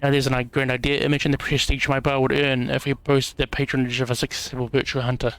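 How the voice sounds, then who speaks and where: A man's voice: medium pitch, flat delivery, fast, a bit bright, close to an everyday voice. A man reading out a friendly tavern keeper's lines from a game. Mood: cheerful. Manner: reading game dialogue aloud.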